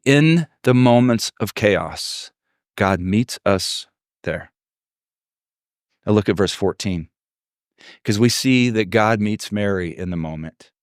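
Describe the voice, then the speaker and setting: A man's voice: medium pitch, dry recording, clean studio sound. A man preaching a sermon as pastor, telling stories and acting out the voices of people he quotes. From Texas. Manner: storytelling, acts out quoted voices.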